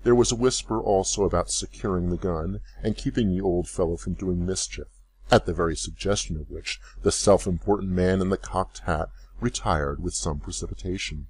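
A man narrates a classic tale at a steady, measured pace. His voice sits low and has a husky, slightly rough texture. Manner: measured storytelling. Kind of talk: scripted audiobook narration.

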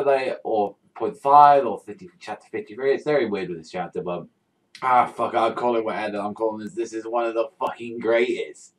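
Excitable swearing man, low voice, off-mic. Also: distant mic, poor audio. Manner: swears constantly, rambling with many fillers, bursts into shouting. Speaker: manga reaction vlogger. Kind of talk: excited reaction rant.

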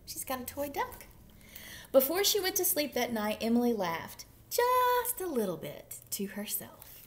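A woman librarian reading picture books aloud for story time, playful and animated with whispered asides. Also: on the high side, moderate pace, slight background noise. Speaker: children's librarian.

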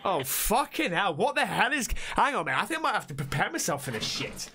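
A man's voice: sits high, sing-song, a little fast, pushed and bright, slightly rough. A man hosting a reaction video, jumpy and freaked out, swearing and talking back at the clip. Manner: rambling, talks back at the clip. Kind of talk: casual reaction commentary.

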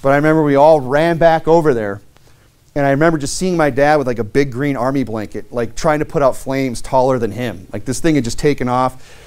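A man's voice: medium pitch, brisk, darkish tone, clean tone. A man preaching a sermon through a long personal story, loose and conversational, with many fillers, restarts and wry self-mocking humor.

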